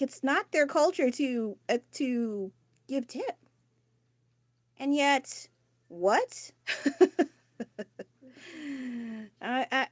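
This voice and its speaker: A woman talking loudly and candidly into her phone mic during a casual live stream, rambling and swearing casually. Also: medium pitch, no echo, clean studio sound. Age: adult. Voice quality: loud, raised voice.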